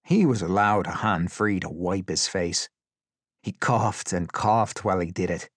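A man's voice: deep voice, measured pace, slightly rough, no echo, clean studio sound. A man reading a tense story aloud as an audiobook narrator, with intense, vivid storytelling. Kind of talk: scripted dramatic narration.

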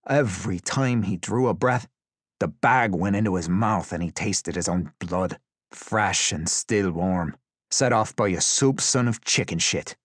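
A man's voice: deep voice, a little slow, breathy edge, dry recording, studio quality. A man reading a tense story aloud as an audiobook narrator, with intense, vivid storytelling. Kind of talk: scripted dramatic narration.

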